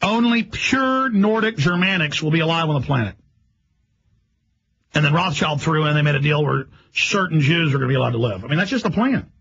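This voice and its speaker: A man hosting a radio show, delivering a rapid, emphatic, rambling monologue. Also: a little high, expressive, fairly bright tone, breathy edge, lo-fi sound.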